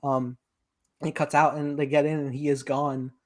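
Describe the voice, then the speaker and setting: A man's voice: a little high, little pitch movement, normal speed. A young man co-hosting a casual film review podcast, animatedly retelling scenes and acting out quoted lines. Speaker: podcast co-host.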